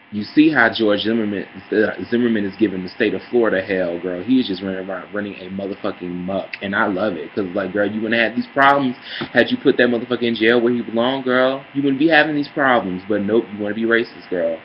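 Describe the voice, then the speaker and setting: A man ranting sassily in a casual vlog, calling listeners girl and honey, heated and swinging between mutters and loud outbursts. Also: lowish voice, brisk, dull audio, slight background noise. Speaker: vlogger. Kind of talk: casual opinion rant.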